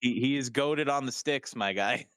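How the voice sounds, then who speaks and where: A man's voice: mid-range voice, normal speed, fairly bright tone, clean tone, no echo. A man co-hosting a podcast, recapping episodes in loose casual chat, laughing often and swearing now and then. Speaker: podcast co-host.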